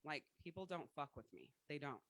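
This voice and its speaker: A woman life coach hosting a livestream, telling personal stories in a blunt, profane, forceful way. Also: low-pitched, animated, fairly quick, no echo. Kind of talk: candid motivational livestream talk.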